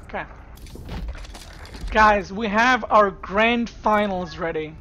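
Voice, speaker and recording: A woman's voice: medium pitch, takes it slowly, fairly bright tone, slight background noise. A woman streamer giving casual esports commentary, chatting straight to her viewers from a home streaming setup. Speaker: streamer and caster.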